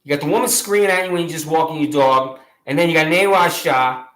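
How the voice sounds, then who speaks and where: A man's voice: a little high, fast, a bit bright. A man telling his own grievance in the second person, repeating himself emphatically and addressing himself by name. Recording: echoey room.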